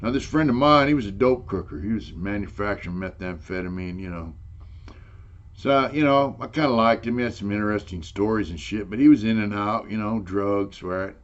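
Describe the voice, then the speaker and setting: A man's voice: lowish voice, fairly quick, lo-fi sound. An older man telling a long story in casual, rambling talk, swearing freely and saying "you know" again and again. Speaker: interviewee telling prison stories.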